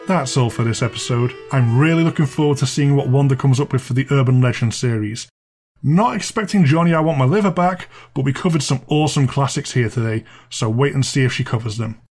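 A man's voice: mid-range voice, brisk, darkish tone, soft background music. Wry storyteller man. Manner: wry, chatty, dryly amused. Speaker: podcast host and storyteller. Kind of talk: spooky story narration.

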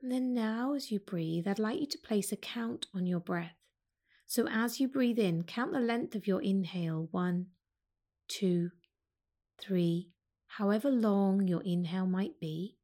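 Calm woman guiding a breath meditation. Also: medium pitch. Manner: slow, calm and soothing. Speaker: yoga teacher.

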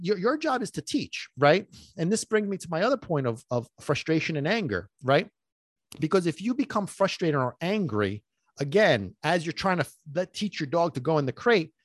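Host: male dog trainer, animated and a touch high-pitched, dry close mic, lots of rhetorical questions. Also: no echo. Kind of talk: casual podcast monologue.

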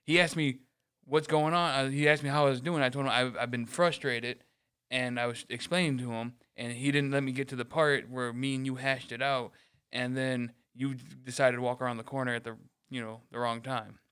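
Man, podcast co-host, casual storytelling, smooth clear voice, rambling, curses often. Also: medium pitch, a little fast. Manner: rambling, animated, swears freely; mimics others in quoted lines.

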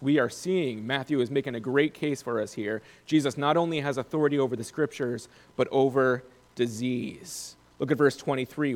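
A man preaching a Bible recap, reading scripture aloud and then asking his listeners questions. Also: mid-range voice.

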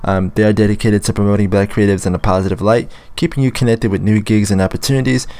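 A man hosting a casual interview podcast, relaxed and quick to laugh, with a slightly rough morning voice. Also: on the low side. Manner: relaxed, laughs easily, many ums. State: shaking off morning voice. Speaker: podcast host.

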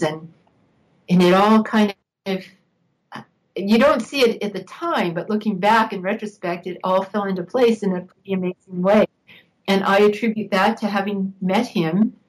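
A woman's voice: medium pitch, low-quality recording. Older woman telling a personal story. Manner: warm reminiscing with laughs. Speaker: guest. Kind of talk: interview storytelling.

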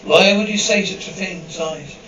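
Bright man reading a script, roomy and distant. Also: sits high, moderate pace, lo-fi sound, a little hiss or hum. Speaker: script reader. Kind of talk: reading an episode script aloud, cues included.

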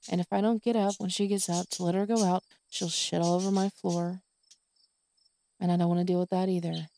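A woman's voice: on the low side, little pitch movement, brisk, gravelly, warm tone, slight background noise. A woman hosting her own podcast, venting in a tired, exasperated monologue full of swearing. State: exhausted. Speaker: podcast host.

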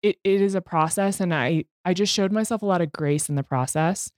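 A woman's voice: on the low side, a little fast, a little mellow, no room sound, clean studio sound. A woman guest on a podcast, talking frankly and self-deprecatingly in a candid interview, swearing freely.

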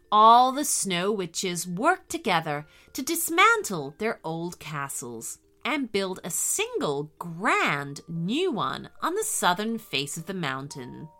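A woman reading a bedtime story aloud in a slow, expressive, gentle way. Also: medium pitch.

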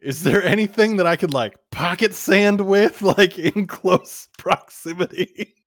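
A man's voice: sits high, a little slow, a bit bright, dry recording, clean studio sound. A man playing a tabletop game, joking and fidgety, often laughing. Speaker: player. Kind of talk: casual tabletop play.

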